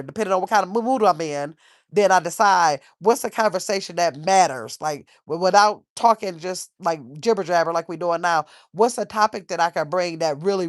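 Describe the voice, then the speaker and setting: A woman's voice: lowish voice, dry recording, studio quality. A middle-aged woman hosting a casual livestream, rambling and reading viewer comments aloud. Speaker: livestream host.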